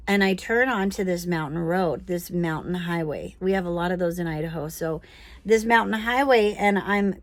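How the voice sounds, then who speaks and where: Animated woman telling a faith story. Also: mid-range voice. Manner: animated, prayerful, self-deprecating storyteller. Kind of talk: casual spoken storytelling.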